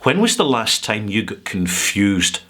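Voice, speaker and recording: Bright-voiced Scottish man ranting sarcastically. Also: fairly low pitch, sing-song. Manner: chatty, sarcastic, drawn-out emphasis. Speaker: whisky vlogger. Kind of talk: casual rant to camera.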